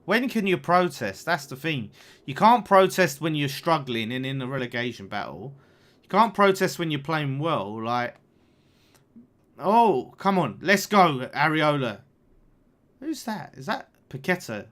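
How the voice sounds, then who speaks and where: A young man talks through a live match watchalong in a bright, forceful voice that sits a little high. He chats casually, swears freely and reacts out loud to every attack and corner. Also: sing-song, measured pace. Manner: chatty, swears, reacts loudly to the game and reads super chats. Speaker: fan channel watchalong host.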